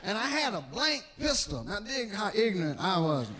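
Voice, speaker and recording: A male stand-up comedian with a high, bright voice. He tells stories in an animated, profane style and acts out the people in them. His pitch swings widely, and faint noise sits behind him. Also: moderate pace. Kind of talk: stand-up storytelling.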